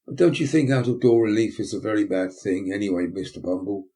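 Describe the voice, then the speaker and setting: A man's voice: lowish voice, steady tone, brisk, dark tone, slightly rough. A man voicing a prim middle-aged woman who runs a workhouse, coy and simpering.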